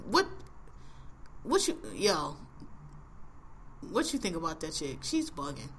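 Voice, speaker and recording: A woman's voice: low-pitched, wildly swooping pitch, takes it slowly, a little hiss or hum. A woman hosting a podcast, chatting casually about a TV show in blunt, profane slang and laughing often. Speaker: podcast host. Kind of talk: casual chat reviewing a TV show.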